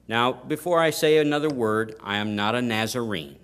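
A man's voice: medium pitch, moderate pace, hardly any pauses, clear, resonant tone. Folksy emphatic male preacher. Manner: folksy, emphatic, rising to loud stresses. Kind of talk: sermon.

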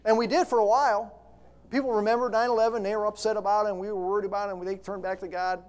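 A man's voice: sits high, flat delivery, rapid-fire, smooth. A middle-aged man preaching a sermon, reading scripture and then pressing his points with rising intensity.

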